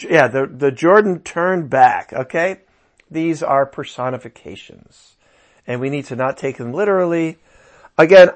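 A man lecturing on how to read the Bible, his voice sitting a little high for a man. He sounds tired and takes it slowly. He talks in a loose, conversational way and keeps asking the class rhetorical questions. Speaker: Bible teacher.

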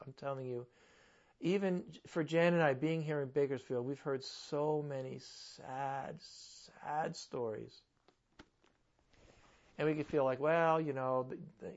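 A man's voice: medium pitch, darkish tone. Conversational male preacher, dull lo-fi sound. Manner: conversational, asks rhetorical questions. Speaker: pastor. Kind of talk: sermon.

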